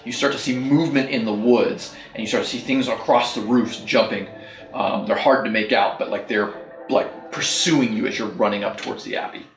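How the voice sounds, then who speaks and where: A man's voice: on the low side, a little fast. Male dungeon master, casual rambling narration, echoey room, faint music under. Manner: rambling, filler-heavy narration. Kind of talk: narrating a tabletop game.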